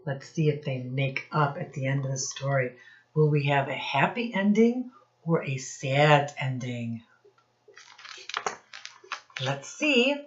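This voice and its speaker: Very slow, low-voiced woman teacher reading aloud. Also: highs cut off. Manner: slow, sing-song teacherly questions to children. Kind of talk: read-aloud storytime for young children.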